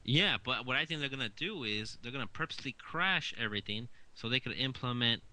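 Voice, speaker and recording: A man's voice: mid-range voice, expressive, a little fast, bright, forceful tone, low-quality recording. A man co-hosting a casual talk show, talking emphatically and insistently, often restarting his sentences. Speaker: co-host.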